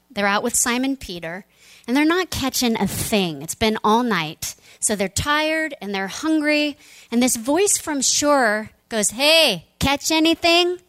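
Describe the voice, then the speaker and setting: A woman pastor preaching a sermon, telling the story with animated delivery and dropping into soft, near-whispered moments. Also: medium pitch, no echo.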